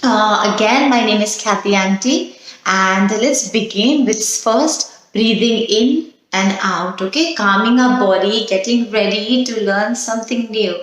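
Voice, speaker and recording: Slow gentle woman teacher, echoey room. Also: mid-range voice. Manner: slow, gentle, coaxing, asks children questions. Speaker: children's teacher. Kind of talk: storytime and calming exercise for young children.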